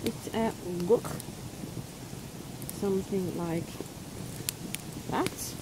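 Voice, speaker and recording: A Swedish woman with a Swedish accent chats to viewers in a casual outdoor vlog, cooking over a fire in winter and exclaiming often. Her voice is medium in pitch with drawn-out words, and background noise is audible.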